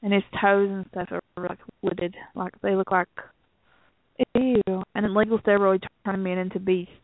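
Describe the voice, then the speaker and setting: A woman's voice: medium pitch, flat delivery, moderate pace, no room sound. A woman co-hosting a podcast, chatting bluntly and outspokenly about weird news. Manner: blunt, outspoken, laughing along. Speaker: co-host. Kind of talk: casual comedic podcast chat. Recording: tinny, phone-like, dry.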